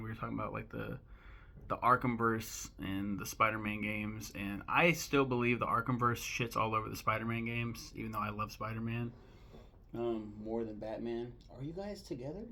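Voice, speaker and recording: A man's voice: on the low side, flat delivery, moderate pace, gravelly, pushed and bright, a little hiss or hum. A young man rambling casually to camera as a vlogger, joking and swearing in an offhand way.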